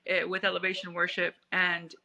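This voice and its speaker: A woman's voice: fairly low pitch, monotone, moderate pace, gravelly, bright, forceful tone, poor audio. A woman from Puerto Rico, in her thirties, telling her life story as an interview guest, rambling with many restarts and fillers.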